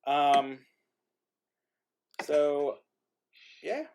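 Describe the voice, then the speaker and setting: A man's voice: a little high, extremely slow, a little mellow. Rambling man hosting a video call. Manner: chatty, rambling, many ums and self-deprecating laughs. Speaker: playwright and host of an online play reading. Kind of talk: casual chat on a video call. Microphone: video call mic.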